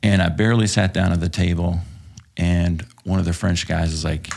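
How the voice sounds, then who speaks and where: A man's voice: deep voice, steady tone, moderate pace, vocal fry, a little mellow, a little hiss or hum. A man from Texas, a podcast guest and former police officer, telling stories casually with lots of swearing and "um"s. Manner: profane, hesitant with many fillers. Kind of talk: casual storytelling.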